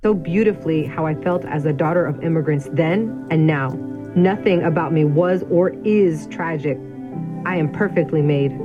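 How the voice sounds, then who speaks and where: A woman in her thirties speaks in a measured, declarative tone, reading a scripted ad narration. Her voice sits a little low. Clear music plays underneath her. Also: highs cut off. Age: 30s. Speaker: spokeswoman in a recruitment ad.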